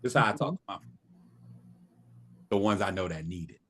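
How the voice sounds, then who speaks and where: A man's voice: deep voice, brisk, a bit bright. A middle-aged man leading a sales training session over a video call, emphatic and coaching, drilling his listeners with call-and-response lines. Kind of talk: motivational training talk.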